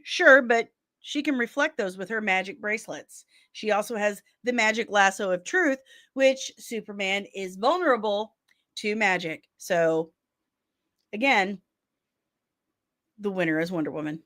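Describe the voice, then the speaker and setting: A woman hosts a loose livestream chat, reading fan comments and firing back quick opinions. She sounds candid and teasing, with a mid-range voice that sits right in the middle for a woman. Her delivery is casual, with plenty of asides. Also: medium pitch, animated, a bit bright. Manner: candid, opinionated and playfully sarcastic. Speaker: host of a daily pop-culture chat show.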